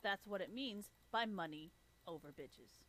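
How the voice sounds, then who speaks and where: A woman's voice: medium pitch, lively intonation, a little slow, sharp tone. A woman livestreamer delivering a blunt, sarcastic, heavily profane rant. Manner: blunt, sarcastic, swears constantly. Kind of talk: profane ranting monologue.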